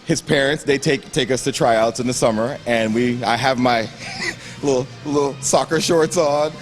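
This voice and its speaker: A young man from Grenada with a Grenadian accent, a bodybuilder telling his story in a gym interview, lively and acting out the voices of the people he quotes. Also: mid-range voice, moderate pace, over music. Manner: animated storyteller who acts out quoted voices and laughs often.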